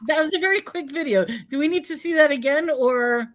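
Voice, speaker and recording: A woman with a high voice hosts a relaxed live online chat. She talks in an animated way and keeps posing questions. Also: a little fast, slight background noise. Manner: animated, questioning, puts on a cutesy sing-song for props. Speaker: host. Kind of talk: casual live-stream chat.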